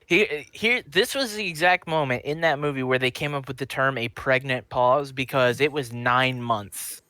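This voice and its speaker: A man's voice: medium pitch, moderate pace, pushed and bright, dry recording. A man co-hosting a casual comedy podcast, riffing on a movie with plenty of swearing and laughter. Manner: profane, riffing, laughs along. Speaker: podcast co-host.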